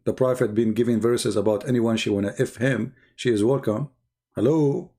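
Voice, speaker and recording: Man, husky voice, sarcastic, mocking, non-native English, live stream host, ranting. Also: mid-range voice, normal speed, warm tone. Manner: sarcastic, mock-arguing as his opponents.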